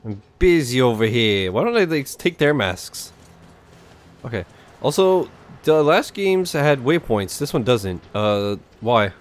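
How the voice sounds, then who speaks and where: A man's voice: mid-range voice, sing-song, unhurried. A man giving casual, sarcastic, profane commentary while playing a video game. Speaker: gaming streamer.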